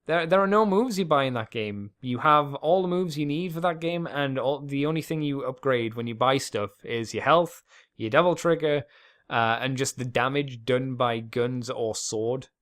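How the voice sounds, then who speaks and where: A man's voice: mid-range voice, moderate pace, fairly bright tone. A man hosting a podcast alone, rambling casually with plenty of swearing and self-deprecating asides. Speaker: podcast host.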